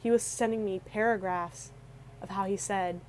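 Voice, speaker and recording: A woman's voice: mid-range voice, steady tone, moderate pace, a little mellow, slight background noise, low-quality recording. Emotional young woman telling a story. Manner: emotional, rambling, with frequent restarts and quoted dialogue. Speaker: vlogger telling a personal story.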